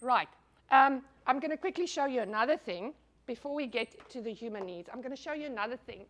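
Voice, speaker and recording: A middle-aged woman giving a lively classroom lecture. She is animated, swears casually and keeps asking the audience questions. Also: on the high side, fairly quick.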